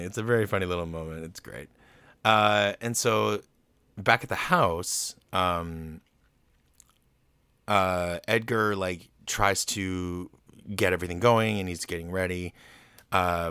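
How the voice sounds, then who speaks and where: A man's voice: low voice, sharp tone, no echo. A man casually recapping a film plot, rambling with lots of fillers and swearing freely, on a desk microphone.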